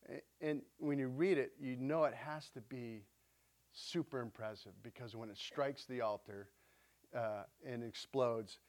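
A man's voice: mid-range voice, measured pace, a little mellow. A man preaching a conversational sermon, retelling scripture stories in an everyday way and putting questions to his listeners. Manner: chatty, asks the congregation questions, retells scripture.

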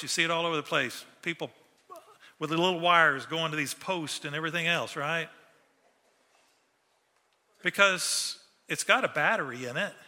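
A man preaches with a high, sharp, bright voice, animated and acting out the lines he quotes. His voice rings with a long reverb from a large hall. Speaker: pastor. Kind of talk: sermon.

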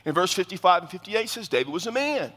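A man in his fifties preaching a sermon as pastor, in a lively, joking, conversational way. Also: sits high, fast, long reverb tail. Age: 50s.

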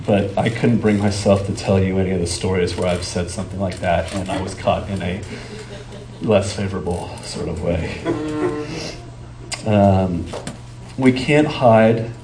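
A man's voice: sits low, moderate pace, background noise. A man preaching a sermon as a pastor, talking conversationally and stopping for fillers as he searches for words. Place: church sanctuary. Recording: echoey room with faint ambience.

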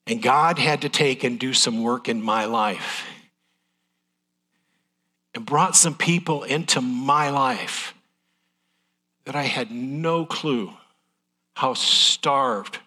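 A man's voice: medium pitch, takes it slowly, long pauses, bright, forceful tone, breathy edge. A middle-aged man preaching a sermon in a folksy, candid, emotional way. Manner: folksy, transparent, emotional delivery.

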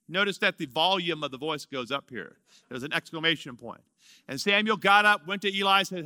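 A man's voice: high-pitched, expressive, brisk, bright, forceful tone, no echo, studio quality. A man in his fifties preaching a sermon, dramatically drawing out key words and acting out the lines of the story. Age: 50s. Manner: emphatic preaching, draws out key words, acts out dialogue. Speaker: pastor.

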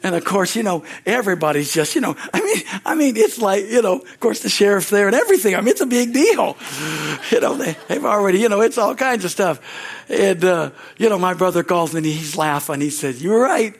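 A man preaching a sermon as pastor, telling rambling, animated stories full of restarts. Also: sits high, a little fast. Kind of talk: sermon storytelling. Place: church sanctuary.

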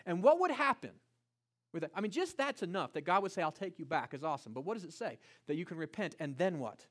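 A man's voice: high-pitched, very animated, quick pace, fairly bright tone. A man preaching a sermon to his congregation, asking rhetorical questions and pressing his points with rising emphasis. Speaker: pastor.

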